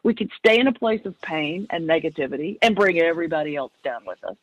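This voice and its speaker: A woman who is a minister and comedian, telling a story in an interview in a playful, animated way. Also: deep voice, fast, slightly rough, no room sound. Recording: dry, slightly muffled remote audio.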